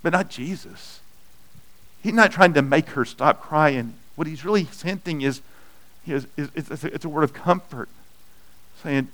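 A man preaching a sermon, with slow, dynamic delivery that swells loud and then drops soft. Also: fairly high pitch, low-quality recording. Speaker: pastor.

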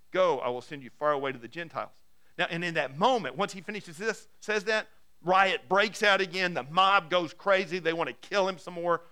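Male pastor, sermon delivery, high bright voice, dramatic hush-to-emphatic scripture reading. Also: clean tone.

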